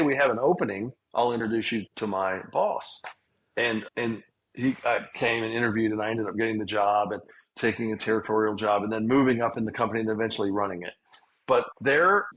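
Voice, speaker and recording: A man's voice: on the low side, fairly bright tone, a little hiss or hum, low-quality recording. A man, a guest telling long, rambling stories in an interview. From Southern United States. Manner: rambling, self-aware storyteller. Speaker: guest, healthcare entrepreneur and investor. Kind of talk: storytelling interview.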